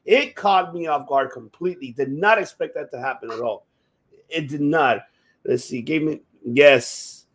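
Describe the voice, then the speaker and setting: Man, high-pitched voice, casual host chat, excitable, profane, rambling. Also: normal speed. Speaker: podcast host. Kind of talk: casual chat about wrestling.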